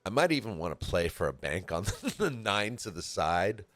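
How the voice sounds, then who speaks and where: A man's voice: deep voice, sing-song, normal speed, a bit bright, no echo, soft background music. A man from California giving laid-back, chatty commentary on a pool match, often laughing as he talks. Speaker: stream commentator.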